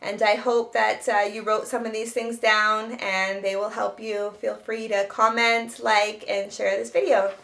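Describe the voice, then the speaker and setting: A woman's voice: mid-range voice, little pitch movement, a little slow, gravelly, few pauses, fairly bright tone. A woman who teaches self-help and writes children's books, giving spoken advice in an earnest way with many restarts.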